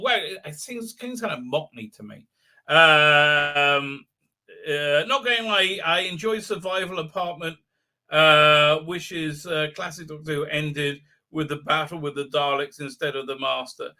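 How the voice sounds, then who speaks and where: A man's voice: fairly high pitch, sharp tone. A middle-aged man hosting a casual livestream, rambling with many fillers and restarts. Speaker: livestream host.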